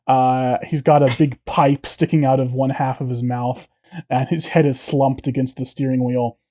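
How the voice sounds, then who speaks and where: Casual male game master, middle-pitched, hesitant. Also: flat delivery, moderate pace, warm tone. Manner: hesitant, many fillers and restarts. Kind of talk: narrating a tabletop game.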